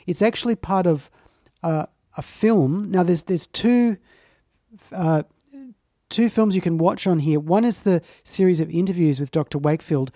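A man's voice: high-pitched, moderate pace, mellow, dry recording, clean studio sound. A man hosting a casual commentary chat, speaking earnestly and with emphasis, lingering on his phrases. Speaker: talk show host.

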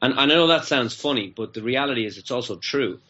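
A man's voice: medium pitch, lively intonation, fairly quick, bright, forceful tone, dull audio. A man, a guest in an interview, telling a long story in a rambling way and often repeating his words. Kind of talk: casual anecdotal storytelling.

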